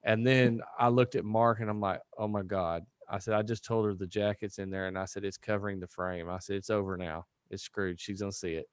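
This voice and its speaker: A man on a podcast tells an animated story and acts out each line of the dialogue. His voice is smooth and resonant, and it sounds close and dry with no room around it. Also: lowish voice, fairly quick, few pauses, no echo. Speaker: podcast guest. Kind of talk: casual storytelling chat.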